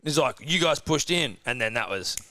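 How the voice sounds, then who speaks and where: A young man telling crude, animated stories in a casual chat. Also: mid-range voice, brisk. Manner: crude, laughing, animated storyteller. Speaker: podcast co-host.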